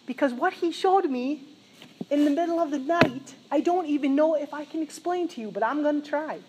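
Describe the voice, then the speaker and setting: A middle-aged woman delivers a sermon in a high, bright voice. She tells her story with animated energy and breaks into laughter along the way. Her delivery feels like an excited testimony shared with a congregation. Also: moderate pace, a little hiss or hum. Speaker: preacher.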